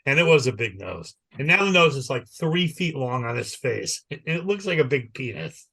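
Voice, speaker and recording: A man's voice: mid-range voice, moderate pace, gravelly, breathy edge. A man co-hosting a podcast in casual chat, telling a long rambling story and acting out the people in it. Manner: rambling animated storyteller who acts out the people he quotes. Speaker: podcast co-host.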